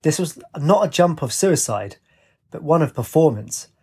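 A man narrating a story in a steady, plain reading voice. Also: fairly high pitch, normal speed, breathy edge.

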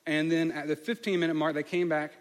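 Fast-talking man in a reverberant hall. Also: on the high side, flat delivery. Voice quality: slight lisp on some words. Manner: candid, storytelling with many fillers. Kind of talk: personal story in a sermon.

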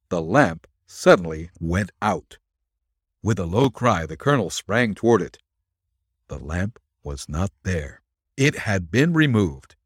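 Low, lively male storyteller. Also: husky, no room sound, clean studio sound. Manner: expressive, dramatic reading. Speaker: podcast narrator. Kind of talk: storytelling narration.

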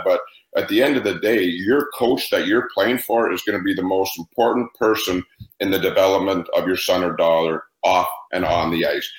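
A man coaching hockey speaks passionately and emphatically in an interview. His voice sits fairly low. The sound carries a noticeable room echo. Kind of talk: casual interview answers.

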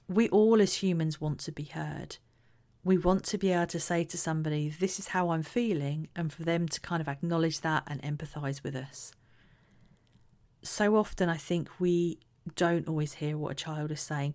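A woman giving earnest parenting advice, acting out example phrases in a gentle way. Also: sits low. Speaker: parenting educator. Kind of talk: talking-head advice talk.

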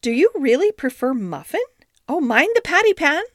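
A woman's voice: high-pitched, very animated, moderate pace, a bit bright, no echo, clean studio sound, pitched above the performer's own voice. A woman voicing a greedy, anxious and genteel female dog in a storybook reading, fussy and flustered in her politeness.

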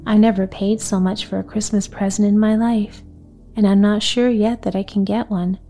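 A woman's voice: medium pitch, level tone, warm tone, faint music behind, close to an everyday voice. A woman reading aloud, voicing a practical little neighborhood girl who talks in a reasonable, coaxing way. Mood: eager. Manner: reasonable, coaxing, quick talk.

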